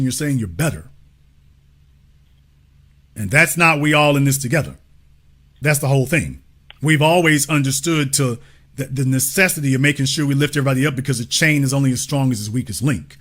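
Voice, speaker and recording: Emphatic American man, lively and bright. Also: on the high side. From United States. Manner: emphatic, preacher-like, repeats lines for effect. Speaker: commentator in a cultural discussion. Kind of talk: impassioned talk to an audience.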